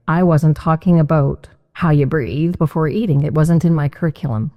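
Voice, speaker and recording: A woman's voice: low-pitched, moderate pace, few pauses, dark tone, big-room sound. A woman dietitian speaking as an interview guest, explaining in an emphatic, teaching way and repeating key phrases.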